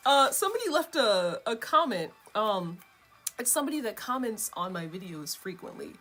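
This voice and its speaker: A woman's voice: fairly high pitch, big pitch swings, normal speed, pushed and bright. A woman hosting her own vlog, chatting casually in a rambling, chatty way and laughing between thoughts. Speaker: vlogger host. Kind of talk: casual chat.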